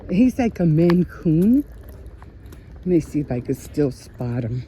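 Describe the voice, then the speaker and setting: A woman's voice: sits low, very animated, a little slow, mellow, a little hiss or hum. A middle-aged woman vlogging in a rambling, chatty way, often restarting her sentences. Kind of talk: casual vlog chat.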